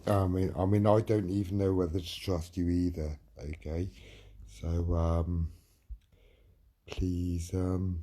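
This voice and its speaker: A man's voice: sits low, flat delivery, slow, warm tone. A middle-aged man on a livestream, ranting angrily and threatening someone while answering chat, with a lot of swearing.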